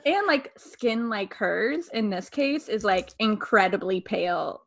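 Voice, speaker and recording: Husky, animated woman. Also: medium pitch, measured pace. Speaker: book club podcast co-host. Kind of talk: casual chat.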